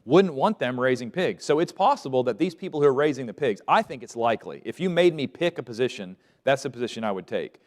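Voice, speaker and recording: A man's voice: mid-range voice, animated, fast talker, few pauses. A man teaching a Bible lesson to a class, asking questions and letting them fill in the answers. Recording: long reverb of a large room.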